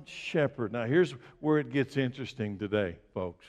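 A male pastor preaching a sermon, asking his congregation direct questions and building to emphatic, loud bursts. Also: mid-range voice, animated, normal speed, few pauses, highs cut off. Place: church sanctuary. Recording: long reverb of a large hall.

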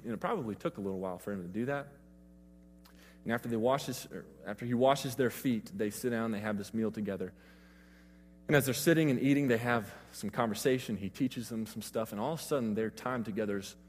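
A man's voice: mid-range voice, darkish tone, long reverb tail, slight background noise. A man preaching a sermon, retelling scripture in a casual, conversational way.

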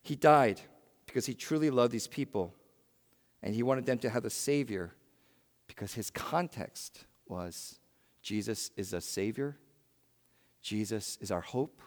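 Man preaching with dramatic loud-soft swings. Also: lowish voice, unhurried, pauses often, long reverb tail. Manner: dramatic swings from loud emphasis to hushed delivery. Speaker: pastor. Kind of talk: sermon.

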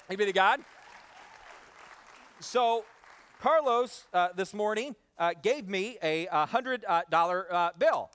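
An energetic man delivers a sermon from the pulpit in a notably high voice. He works the congregation with call-and-response phrases. His delivery stays loose and spoken, with frequent "uh" fillers. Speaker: pastor.

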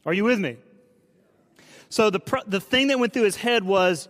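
Male pastor, late 30s, chatty storytelling sermon, voice a touch high, hall reverb. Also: normal speed, pauses often, fairly bright tone. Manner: conversational storytelling, asks the audience questions.

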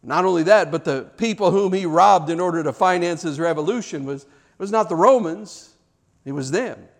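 Male preacher, high voice, dramatic sermon storytelling with big dynamic swings. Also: normal speed. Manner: dramatic, swings from loud shouts to hushed near-whispers.

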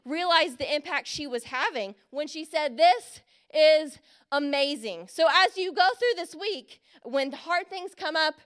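A young woman preaching a sermon, earnest and encouraging, drawing out key phrases slowly. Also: high voice, sharp tone. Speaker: speaker giving a Christmas message.

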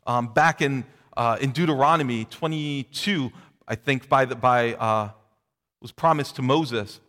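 A middle-aged man preaching a sermon, reading scripture aloud and voicing its speakers with lifted pitch. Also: fairly bright tone. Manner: expository preaching, acting out quoted voices with a rising pitch. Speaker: pastor. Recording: long reverb of a large hall.

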